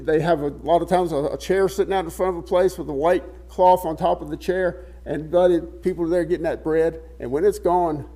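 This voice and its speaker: A man preaching a sermon, reading scripture aloud and explaining it in a casual, conversational way, often repeating words as he looks for the phrase. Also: high voice. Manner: reads scripture aloud in King James wording.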